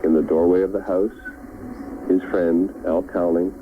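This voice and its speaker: A male news anchor covering live breaking news in a measured, formal manner, heard through a tinny, noisy old broadcast recording. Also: sits low, flat delivery.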